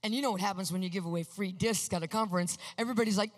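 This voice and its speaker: A woman giving an animated faith testimony, acting out quotes with sudden shouts and hushed asides. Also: mid-range voice, very fast.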